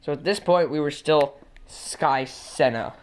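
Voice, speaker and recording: A man's voice: a little high, measured pace. A teenage boy in casual conversation, chiming in to fill in and correct the details of a shared story. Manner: chatty, interjects and corrects details.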